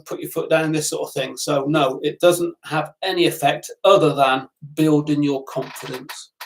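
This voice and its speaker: A middle-aged man with a southern English accent hosts a relaxed live Q&A, reading out viewer comments and answering them by name. His voice sits a little high for a man and carries a gravelly edge. He talks loosely, with plenty of ums along the way. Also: low-quality recording. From southern England. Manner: chatty, addresses viewers by name, lots of ums. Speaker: motorcycle instructor hosting a live Q&A.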